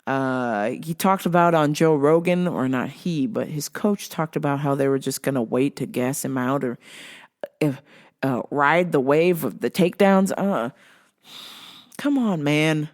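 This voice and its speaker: A woman hosting her own show, ranting in a casual, animated and exasperated way, swearing freely. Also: rumbling low, normal speed. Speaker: show host.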